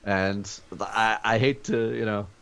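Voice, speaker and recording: A man's voice: on the low side, steady tone, takes it slowly, vocal fry, fairly bright tone, clean tone. A man co-hosting a sports podcast from home over a video call, talking energetically in casual chat. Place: home during a snow day.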